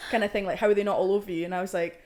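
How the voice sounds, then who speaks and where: Young woman, music manager, chatty, excited, lots of "like", mid pitch. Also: very fast. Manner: chatty, enthusiastic, full of "like". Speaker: artist manager, guest. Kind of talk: casual podcast chat.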